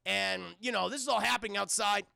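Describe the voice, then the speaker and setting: A man recounting a cartoon episode to his live chat in a casual, animated, profane way. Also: sits high, brisk, vocal fry, dry recording, clean studio sound. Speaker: streamer and reviewer.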